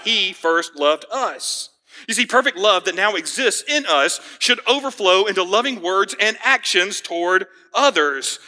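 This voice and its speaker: A man's voice: high-pitched, sharp tone. A man preaching a sermon as pastor, earnest and emphatic, asking the congregation pointed questions. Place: church sanctuary. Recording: hall reverb.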